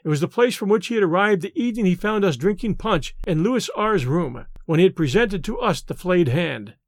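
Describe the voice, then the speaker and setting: High-voiced man narrating stories. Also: animated, brisk, no room sound, clean studio sound. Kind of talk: scripted story narration.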